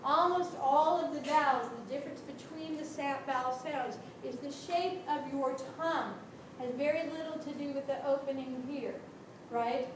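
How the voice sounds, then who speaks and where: A woman vocal instructor leading a group singing lesson, brisk and encouraging, checking in with the class and singing demonstration notes. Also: high-pitched. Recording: echoey room from a distance, noisy.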